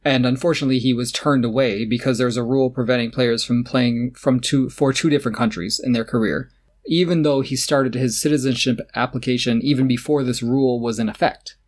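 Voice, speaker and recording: Talking tennis with a brisk delivery, a podcast co-host jokes sarcastically, voices strong opinions, and laughs often. His voice is mid-range with fairly even intonation.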